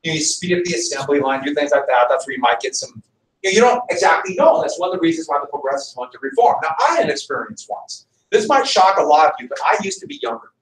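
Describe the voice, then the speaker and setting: Animated man telling a classroom story. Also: fairly high pitch, fast talker. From Montana, USA. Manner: animated storyteller, voices his characters. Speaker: high school history teacher. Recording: echoey classroom, mic at a distance.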